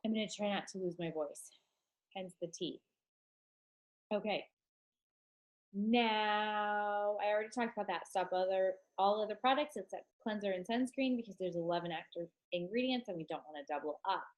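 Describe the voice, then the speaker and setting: A woman's voice: medium pitch, moderate pace, poor audio. A chatty, enthusiastic woman with a stuffed-up nose, talking casually to her team on a live stream, with many ums.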